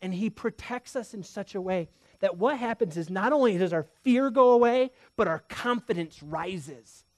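A man's voice: high-pitched, expressive, moderate pace, no room sound. A man in his thirties preaching a sermon as pastor, talking straight to the congregation and telling stories. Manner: swings from loud emphasis to hushed near-whisper; storytelling, direct address to the congregation.

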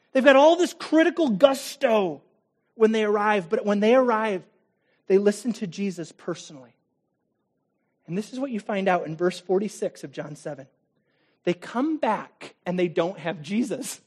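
Dramatic male preacher, loud then hushed. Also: high-pitched, moderate pace. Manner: dramatic, swings from loud emphasis to hushed, intimate tones; direct, challenging address to the listener. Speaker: pastor. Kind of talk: sermon.

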